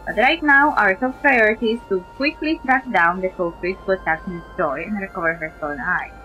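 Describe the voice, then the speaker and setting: A woman voicing a calm, formal adult investigator in a game, reading low and quiet. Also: a little fast, lightly acted. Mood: grave. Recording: dull lo-fi mic with music behind.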